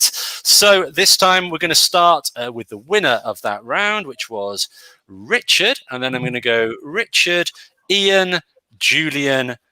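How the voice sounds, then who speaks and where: A man's voice: on the high side, bright, forceful tone, no room sound, poor audio. A man hosting an online pun competition, upbeat and joking as he runs the votes. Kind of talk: casual hosting.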